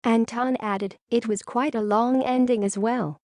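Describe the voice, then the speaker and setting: A woman reads a celebrity news story in a steady, scripted way. Her voice sits a little high yet sounds mellow and soft-edged. The recording is close and dry, with no room sound. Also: slow, no echo. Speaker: news narrator.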